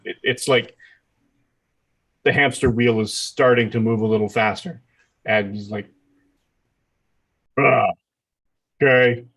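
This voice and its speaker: A man narrating as dungeon master in a tabletop game, with halting, filler-heavy delivery. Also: fairly low pitch, steady tone, breathy edge.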